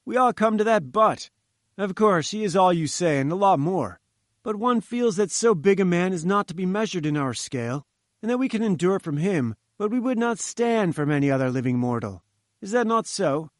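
Man doing an eager, high-spirited young reporter. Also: animated, dry recording, clean studio sound. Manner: brisk and enthusiastic. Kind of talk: audiobook character reading.

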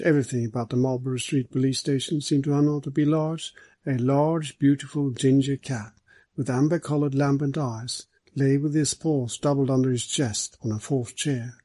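A male narrator with a husky, slightly breathy voice at a middle pitch, reading a story in a measured, steady way. His delivery suits a calm audiobook narration. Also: rough recording. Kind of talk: scripted narration.

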